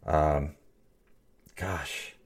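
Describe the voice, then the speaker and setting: A middle-aged man, a bassist and podcast co-host, chatting casually and telling rambling stories with many restarts. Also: steady tone, very slow, husky. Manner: rambling, self-interrupting storyteller. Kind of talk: casual chat.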